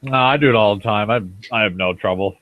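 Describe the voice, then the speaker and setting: A man's voice: lowish voice, fast, narrow, tinny audio. A young man from Minnesota joking around casually in a voice chat, cursing now and then.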